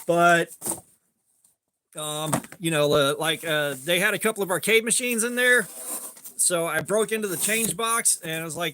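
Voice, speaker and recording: A man's voice: sits high, normal speed, sharp tone, a little hiss or hum. A man streaming live, telling a rambling story in a laid-back way and greeting chat as he goes. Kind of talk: casual storytelling while sharpening.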